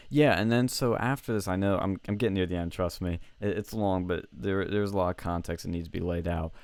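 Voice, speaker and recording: A young man at home tells a story in a casual, animated way. He swears freely and often restarts his sentences. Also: sits low, fairly quick, clear, resonant tone, no echo. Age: young adult. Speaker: college student telling a story on a show.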